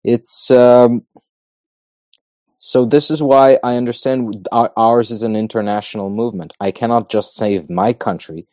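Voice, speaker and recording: A man's voice: mid-range voice, fairly even intonation, measured pace, darkish tone, no echo. A man from Macedonia, a guest in a casual talk, making emphatic points in repeated lists. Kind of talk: casual podcast conversation.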